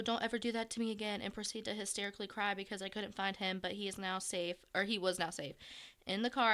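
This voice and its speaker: A woman's voice: medium pitch, bright, forceful tone, clear, resonant tone. A woman, co-hosting a casual podcast and reading a listener's story aloud with blunt, profane jokes. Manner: bantering, profane, dry jokes. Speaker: podcast co-host.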